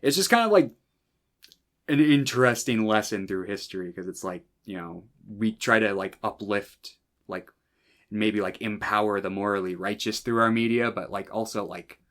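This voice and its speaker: Male podcast co-host, low-pitched, meandering and loose, swears casually. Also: normal speed, a bit bright. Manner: rambling, many fillers, casual swearing. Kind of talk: casual film discussion chat.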